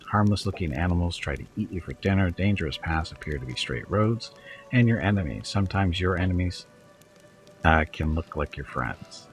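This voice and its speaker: A man with a very low voice reads a role-playing game's narration aloud as host of a let's play. His reading is steady, broken here and there by fillers and small stumbles, over faint background music. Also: normal speed, poor audio.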